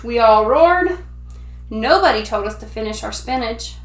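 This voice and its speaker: A woman teacher reading a picture book aloud to children in an animated, expressive way. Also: on the high side, measured pace, reverberant.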